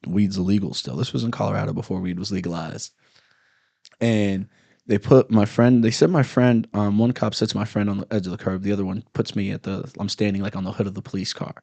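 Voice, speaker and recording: In a casual chat, a comedian guest spins a story, loudly acting out the angry cops in it with animated flair. His voice sits fairly low and creaky, and the recording has no room sound.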